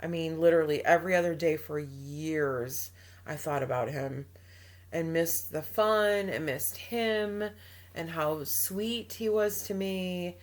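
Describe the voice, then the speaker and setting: A woman with a slightly low voice co-hosts a casual advice podcast. She talks emphatically, trails off often, and acts out quotes in her stories. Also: takes it slowly. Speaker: podcast co-host.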